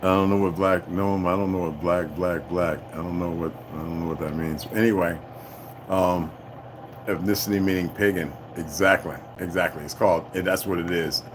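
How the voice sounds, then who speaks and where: A man's voice: sits low, steady tone, normal speed, noisy background. A middle-aged man hosting a casual livestream, rambling and swearing freely, laughing often and talking back to his chat. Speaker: livestream host.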